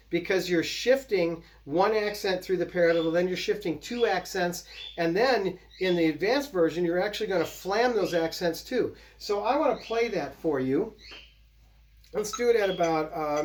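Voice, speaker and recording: A drum teacher giving a casual, explanatory lesson and counting out patterns while playing. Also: mid-range voice. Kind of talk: casual instructional demo. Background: loud snare drumming.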